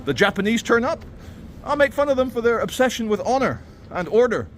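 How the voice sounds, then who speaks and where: In a sardonic walking vlog through a city, a man rants in a very high, very animated voice at a slightly fast clip. A little hiss or hum sits under the recording.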